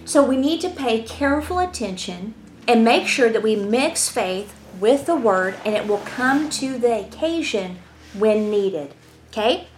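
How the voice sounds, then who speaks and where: A woman giving a lively, conversational Bible lesson, telling stories and asking rhetorical questions. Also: on the high side, unhurried, a little hiss or hum. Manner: animated, storytelling, asks rhetorical questions. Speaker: Bible teacher.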